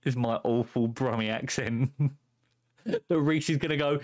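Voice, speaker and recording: A man's voice: mid-range voice, unhurried. A young man commentating a football management game on stream in a playful way, chuckling often and cracking puns. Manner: chuckling, punning, excitable.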